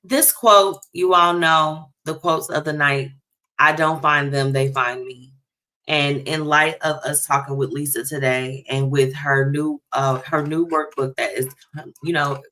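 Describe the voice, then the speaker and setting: A woman's voice: very deep voice, pushed and bright. A woman hosting a talk show, chatting casually and animatedly straight to her listeners.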